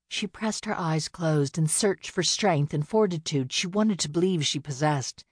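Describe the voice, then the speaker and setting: Woman reading a novel, kinda low voice, steady expressive delivery, super dry booth. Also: no echo. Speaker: audiobook narrator. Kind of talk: scripted storybook narration.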